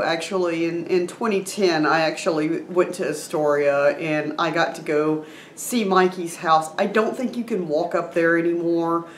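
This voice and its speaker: Excitable woman vlogging at home, gushy and teary, echoey room. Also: fairly low pitch, slight background noise. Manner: excited and gushing, laughing often. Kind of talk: casual vlog chat. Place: room at home with a noisy chair.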